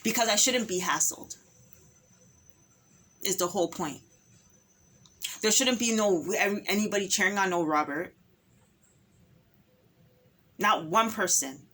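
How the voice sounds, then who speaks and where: A woman's voice: medium pitch, a little slow, pauses often, bright, forceful tone. A woman speaking an impassioned personal monologue, emphatic and repetitive, full of rhetorical questions.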